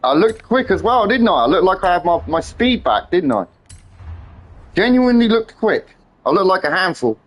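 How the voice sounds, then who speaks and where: A man chatting excitedly on a live game stream, swearing freely and trading teasing banter with his friends. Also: sits high, normal speed. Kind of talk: live-stream gameplay chat.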